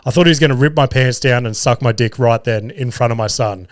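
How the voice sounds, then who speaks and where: A man's voice: medium pitch, fast, no room sound, studio quality. An Australian man in his thirties hosting a podcast, telling a rambling story in a casual monologue, swearing freely and poking fun at himself. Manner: rambling, swears freely, self-deprecating humour. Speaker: podcast host.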